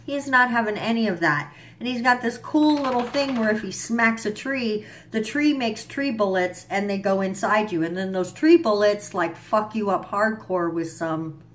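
A young woman vlogging a casual, profane recap of a TV episode, with fillers and asides. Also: mid-range voice. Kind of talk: casual chat.

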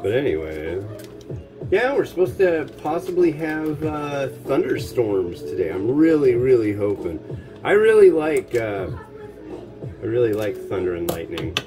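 A man talks through his cooking in an unhurried, drawn-out way, wandering off on wry, offhand tangents. Music plays clearly behind his voice. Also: medium pitch, very animated. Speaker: cooking show host. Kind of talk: casual chat while cooking. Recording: music playing underneath.

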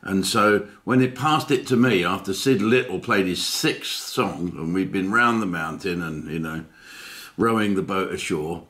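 A man's voice: deep voice, measured pace, a bit bright. A comedian chatting casually to camera as host of his own channel, telling stories in a jokey, self-mocking way with plenty of fillers and asides.

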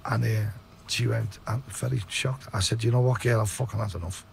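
A man's voice: steady tone, a little fast, gravelly, slight background noise. A middle-aged man with a Liverpool accent, telling his story in a blunt, sweary interview. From Liverpool, England. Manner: blunt, sweary, low-voiced retelling. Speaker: podcast guest.

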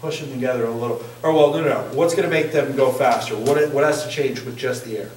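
A man's voice: medium pitch, fast talker, a little mellow, slight background noise. A man leading a singing workshop in a casual, joking way, often asking the group questions. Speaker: singing instructor. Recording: echoey room, distant mic.

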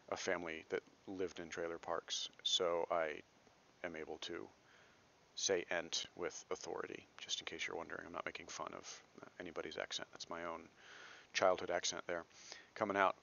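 A very low-voiced man from Texas walks through a literature lecture in a chatty, self-deprecating way. His tone is bright and forceful despite the depth. The recording is dull and lo-fi. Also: vocal fry. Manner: conversational, self-deprecating asides, frequent "right?".

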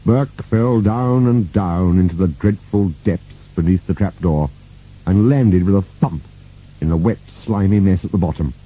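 A man narrating a children's storybook with an expressive, playful reading. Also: low-pitched, measured pace, husky, rough recording.

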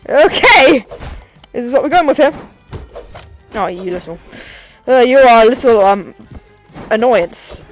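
High, lively-voiced woman gaming. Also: slow pace, pauses often, faint music behind. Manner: excitable, frustrated complaining. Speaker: gaming video creator. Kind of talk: live gameplay commentary.

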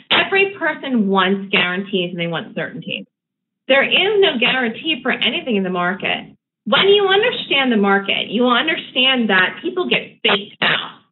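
Woman teaching day trading live, quick emphatic chatty delivery, sounds like a tinny phone line with a little noise. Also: mid-range voice. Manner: brisk, emphatic, conversational teaching with fillers like okay.

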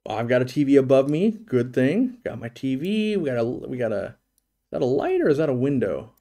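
A man's voice: mid-range voice, creaky, warm tone. A man hosting a live stream, giving a casual, joking commentary on a virtual home tour and thinking aloud with many restarts.

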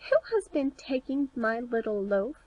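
A woman doing excitable little dwarf men. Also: moderate pace, muffled recording, lightly acted. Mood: puzzled. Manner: high, excited exclamations. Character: seven little dwarf men, puzzled then amazed.

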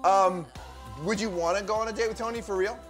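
A woman's voice: medium pitch, fairly quick, music in the background. A woman hosting casual chat, teasing and prodding her friend.

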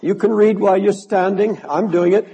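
A man's voice: sits high, steady tone, moderate pace, dark tone, a little hiss or hum, rough recording. An older man preaching a sermon, impassioned and repeating words as he presses his point. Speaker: pastor.

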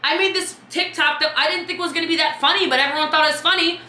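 A woman coaching her team on a live video, chatty and lively, calling out viewers by name. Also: extremely high pitch, quick pace, roomy sound, poor audio. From Texas. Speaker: business coach.

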